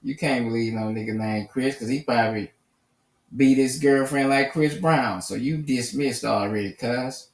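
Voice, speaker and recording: A man's voice: medium pitch, moderate pace. Profane, combative man ranting in a roomy echo. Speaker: commentary channel host. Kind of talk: angry commentary rant. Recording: roomy echo, mic at a distance.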